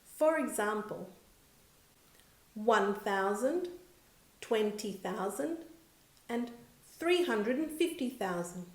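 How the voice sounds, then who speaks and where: A woman teaching a scripted grammar lesson, stating example words slowly and clearly with careful enunciation. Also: mid-range voice, animated. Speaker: language teacher. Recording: roomy echo.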